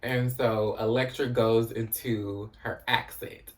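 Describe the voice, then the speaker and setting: A man's voice: mid-range voice, steady tone, takes it slowly, few pauses, far from the mic, heavy background noise. A man casually recapping a TV episode as host, chatty and profane, filling his talk with "you know" and "um".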